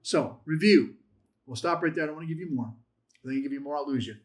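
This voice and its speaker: A man teaches a Bible language class in a church classroom. His voice sits a little higher than most men's, and he explains patiently in a chatty, encouraging way, throwing in light jokes for the class. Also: fast talker.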